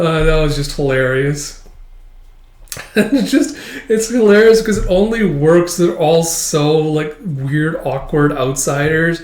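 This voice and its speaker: A man casually recapping a manga chapter, acting out lines in quick put-on voices. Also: fairly high pitch. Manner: animated, acts out dialogue in quick put-on voices. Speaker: manga reviewer. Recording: echoey room.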